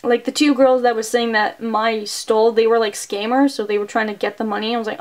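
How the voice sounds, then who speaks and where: A woman's voice: a little high, fairly even intonation, moderate pace, few pauses. A woman reviewing a movie, casually recapping the plot with lots of "like" and "um". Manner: chatty, full of "like" and "um".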